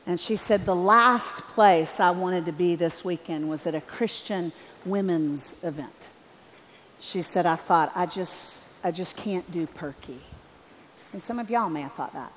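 A woman telling a story in a sermon at a conference, animated and acting out the voices of the people in it. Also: medium pitch, normal speed, slight background noise. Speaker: conference speaker. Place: large arena. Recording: echoey arena with faint ambience.

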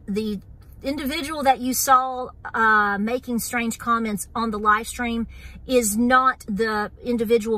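A middle-aged woman with an East Tennessee accent talks straight to her viewers on her homestead vlog. Her voice sits a little high and sounds bright and forceful. She is earnest and wound up, says y'all and keeps coming back to "here's the deal.". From Southern Appalachia. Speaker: homestead channel host. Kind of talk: casual vlog talk to viewers.

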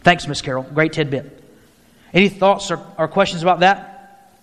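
Speaking at a moderate pace in a slightly high, fairly bright voice, a male pastor leads a mid-week Bible study. His teaching is conversational, with frequent phrase restarts and invitations for the group to ask questions, recorded in a church hall with long reverb.

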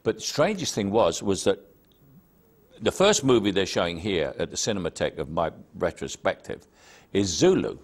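An older man with a Cockney accent, speaking in a deep, low register. He reminisces in an interview, self-deprecating and anecdotal, telling long stories about his career. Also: very animated, normal speed.

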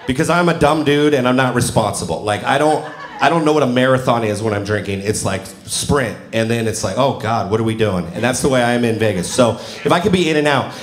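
A man in his forties doing a stand-up comedy set, telling self-mocking stories and acting out the dialogue. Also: mid-range voice. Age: 40s. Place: comedy club stage before a live audience. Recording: roomy live venue with crowd noise.

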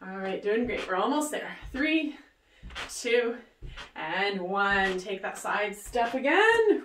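A woman's voice: a little high, animated, measured pace, fairly bright tone, slight background noise. A woman leading a workout, upbeat and cheering with whoops and countdowns while she exercises along. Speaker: fitness instructor. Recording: roomy, voice distant from the mic.

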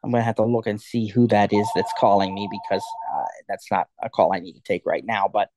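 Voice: low voice, little pitch movement, brisk, noisy background. An instructor teaching a live class, chatty and digressive, thinking aloud with lots of ums and uhs. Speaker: assistive technology instructor.

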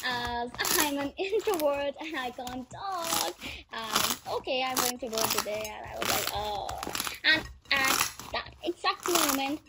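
A woman's voice: high voice, animated, a little slow, vocal fry, very noisy. A young woman telling casual storytime anecdotes, chatty and giggly, acting out the quotes she retells.

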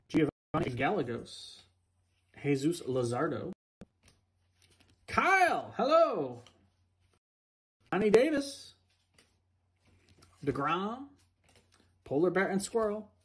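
A man's voice: on the high side, big pitch swings, darkish tone. A man reading out player names during a card box break, with playful asides. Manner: slow, singsong name-calling with playful asides.

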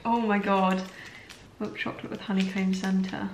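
An earnest young woman talks to her camera in a personal vlog, steadily encouraging herself. Her voice sits at an ordinary mid pitch. The room around her is echoey, with a faint hiss behind. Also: little pitch movement, normal speed. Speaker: recovery vlogger.

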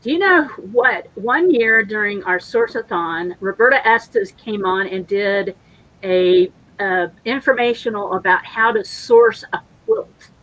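A woman's voice: medium pitch, a little slow, a bit bright, rough recording. A woman co-hosting a casual livestream, chatty and jokey, telling stories. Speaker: co-host.

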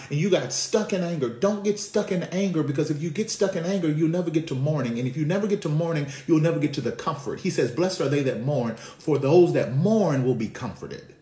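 Preaching man with a lively, echoey delivery. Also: a little high. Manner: call-and-response preaching, swings from hushed to shouting; conversational, with slang. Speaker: pastor. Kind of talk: sermon.

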